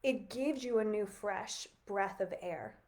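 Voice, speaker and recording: A woman in her thirties speaks straight into her webcam, hosting a reflective spiritual livestream. Her voice sits at an ordinary middle pitch, and she talks in an earnest, musing way with plenty of "like" and soft laughs. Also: slow. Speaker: livestream host.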